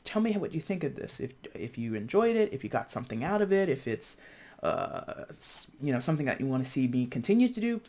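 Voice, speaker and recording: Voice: mid-range voice, darkish tone. A tarot reader giving a casual reading to camera, chatting freely with many fillers and restarts and acting out how other people would react. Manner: thinks aloud with frequent fillers and restarts.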